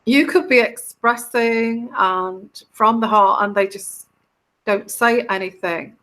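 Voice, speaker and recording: A woman's voice: medium pitch, slow, a bit bright. A woman hosting a live stream as a tarot reader, talking heartfelt and rambling to her viewers, often restarting her sentences. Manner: rambling, heartfelt, with frequent restarts and put-on quoted voices.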